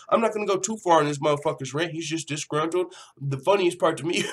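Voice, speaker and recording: A man's voice: fairly high pitch, a little fast. A man hosting an MMA news vlog, talking casually and animatedly, swearing often. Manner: animated, profane, conversational. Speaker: MMA news channel host.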